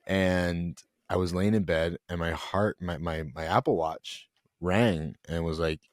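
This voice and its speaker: Deep-voiced young man, earnest and halting. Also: steady tone, no room sound, clean studio sound. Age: young adult. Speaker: podcast guest. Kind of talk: emotional personal storytelling.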